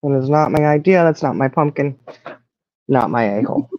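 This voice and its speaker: A woman hosts a relaxed livestream chat, teasing and laughing as she goes. Her pitch swings widely and stays lively. The sound is dry and a bit dull, like a modest home mic. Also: normal speed, no echo. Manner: playful teasing, laughing often. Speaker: livestream host. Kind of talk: casual chat reading viewer comments.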